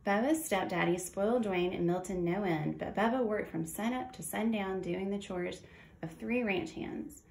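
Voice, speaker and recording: Gravelly woman reading a children's story. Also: mid-range voice, moderate pace, a little mellow. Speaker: storybook reader. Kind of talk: children's read-aloud narration. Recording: echoey room with faint noise.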